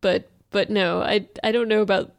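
A woman's voice: mid-range voice, steady tone, normal speed, vocal fry, no echo. A woman co-host chatting casually on a podcast, with many fillers and easy laughter. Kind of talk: casual chat.

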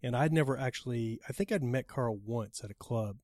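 Profane, animated male storyteller. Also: medium pitch, fairly quick, no echo, studio quality. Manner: animated, profane, shouts when acting out quotes. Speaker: podcast guest. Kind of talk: casual storytelling.

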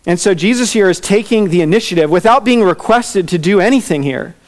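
A man preaching a sermon in a relaxed, conversational way, with casual fillers and asides. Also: sits high, a little fast. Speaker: pastor.

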